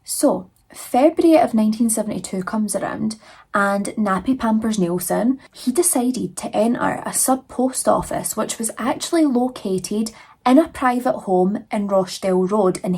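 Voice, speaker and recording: Husky-voiced woman telling true crime. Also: mid-range voice, a little slow, darkish tone. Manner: chatty, frequent "like" and "you know" fillers. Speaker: true crime channel host. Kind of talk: casual true crime storytelling.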